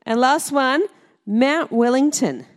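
A middle-aged Australian woman speaks to her congregation in a fairly high voice. She is chatty and playful, throwing questions at the room and laughing between stories. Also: slow. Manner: chatty, laughing, quizzing the audience. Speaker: Salvation Army minister. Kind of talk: church talk to a congregation.

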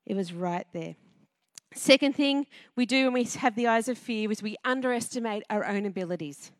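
A woman delivers a sermon in a high, light voice, lively and conversational as she puts questions to her congregation. The sound is close and dry, with little room around it. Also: fairly quick, no echo. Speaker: preacher. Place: church before a congregation.

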